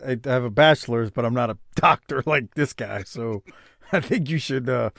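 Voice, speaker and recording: A man hosting a podcast in casual chat, measured and quick to laugh. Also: mid-range voice, vocal fry, fairly bright tone, no room sound, studio quality. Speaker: podcast host.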